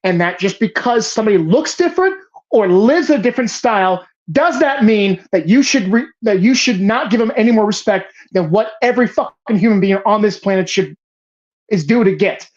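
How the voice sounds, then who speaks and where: A woman's voice: medium pitch, lively intonation, moderate pace, a little mellow, muffled recording. Profane, ranting woman movie podcast host. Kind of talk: casual movie discussion.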